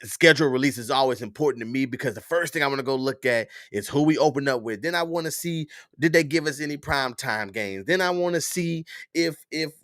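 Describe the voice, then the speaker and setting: A man hosts a casual livestream. He chats loosely with his viewers at a middling pitch. The sound is dry and close. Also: a little fast, a bit bright, no room sound. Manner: chatty, talks straight to viewers, restarts and fillers. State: stuffy nose. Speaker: livestream host.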